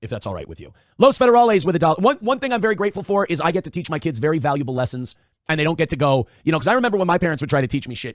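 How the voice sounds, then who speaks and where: Fast-talking profane male livestreamer. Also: on the high side, very animated, no room sound, studio quality. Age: adult father of young children. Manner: rambling, profane, self-interrupting. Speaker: livestream host. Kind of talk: casual livestream chat reading viewer donations.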